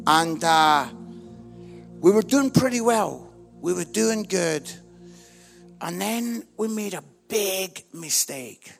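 A middle-aged man, telling a funny family story as a sermon, moving from hushed lines to shouted ones. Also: on the high side, expressive, slow pace, creaky, long pauses, soft background music. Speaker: preacher.

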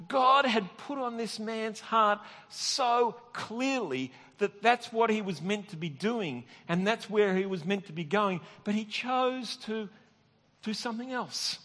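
This middle-aged pastor has a high, sharp-toned voice and a measured pace as he tells a personal story during his sermon. He's conversational and pokes fun at himself, restarting lines and chuckling, while the long reverb of a large hall fills the sound.

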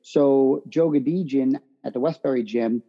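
A man, a boxer giving brash, animated answers in an interview. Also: medium pitch, moderate pace, muffled recording.

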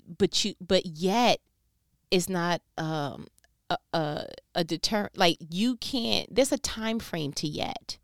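Smooth-voiced New woman teaching scripture. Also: lowish voice, slow, dry recording, clean studio sound. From New York. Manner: conversational and playfully scolding, addressing listeners directly. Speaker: Bible teacher. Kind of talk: casual scripture commentary.

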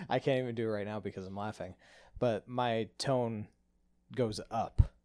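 A man's voice: lowish voice, slow, dark tone, no room sound, clean studio sound. A young man in casual podcast chat, laughing often and swearing freely.

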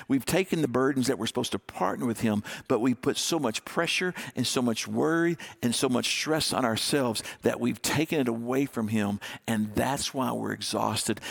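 A man preaching a sermon, dropping to a hush on key words with dramatic pauses. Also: medium pitch, creaky. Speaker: pastor.

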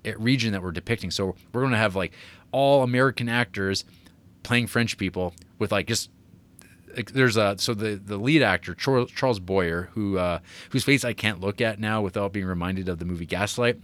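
A man's voice: fairly low pitch, moderate pace, fairly bright tone. A man co-hosting a podcast, chatting casually about an old film, rambling with many fillers and restarts. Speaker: podcast co-host.

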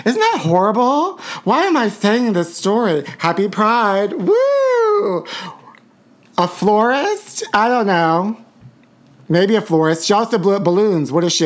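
A man hosting a casual livestream podcast, campy and gossipy, calling everyone honey. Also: fairly high pitch. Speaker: podcast host. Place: home livestream. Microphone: phone or webcam.

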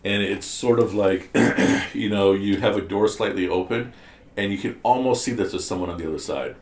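A man's voice: fairly low pitch, normal speed, reverberant. A man teaching a class, explaining ideas step by step and asking his students questions. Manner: explanatory, asks the class questions, many restarts. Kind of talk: classroom commentary on scripture.

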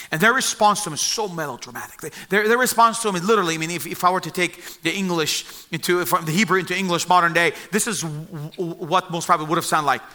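Bright high-voiced man preaching a sermon. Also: fast talker. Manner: animated storytelling, acts out voices of the story.

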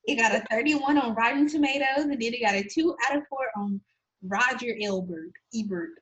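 A woman's voice: on the high side, normal speed, fairly bright tone. A woman in casual chat who teases and questions her co-host. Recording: dull lo-fi sound.

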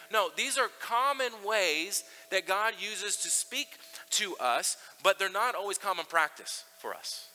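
A male pastor preaching in a casual, conversational way, stumbling and restarting now and then. His voice sits high and rings very bright. A long church-hall reverb trails after his words. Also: expressive, moderate pace. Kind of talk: sermon.

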